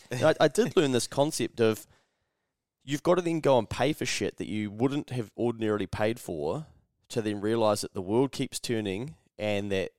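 A man's voice: medium pitch, lively intonation, fairly quick, dry recording, studio quality. A young man with a New Zealand accent, hosting a casual podcast chat, blunt and swearing freely as he tells stories and acts out quoted voices. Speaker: podcast host.

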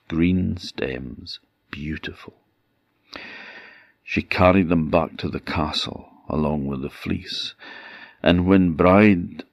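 A male storyteller from the Orkney Islands, telling an old folk tale in a very deep, gravelly voice. He speaks slowly and expressively, repeating words for effect, recorded close and dry. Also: no room sound. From Orkney Islands, Scotland. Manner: unhurried, expressive, with repetition for effect.

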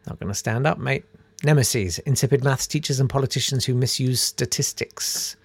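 A man's voice: medium pitch, brisk, creaky, slightly rough, no room sound. Guy hosting a rambly news chat, sarky, loads of uhs, very dry close mic. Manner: sarcastic, rambling, full of fillers. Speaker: host.

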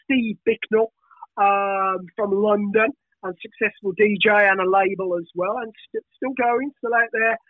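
A man's voice: sits high, fairly even intonation, unhurried, no echo. A middle-aged man with a Birmingham accent, chatting in a hyper, rambling way, swearing a lot and asking "you know what I mean?" over and over. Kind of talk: casual podcast chat. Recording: tinny phone-like line, dry.

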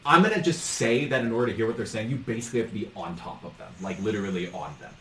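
A man's voice: lowish voice, animated, racing, pushed and bright. A man running a tabletop game as game master, narrating in a loose, chatty way with frequent ums. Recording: roomy, distant mic, faint noise.

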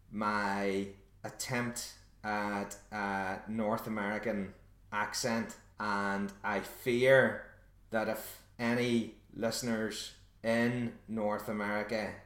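A man's voice: lowish voice, a bit bright. A Northern Irish man hosting a solo podcast, telling a story in a wry, self-deprecating way. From Northern Ireland. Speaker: podcast host. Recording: roomy echo.

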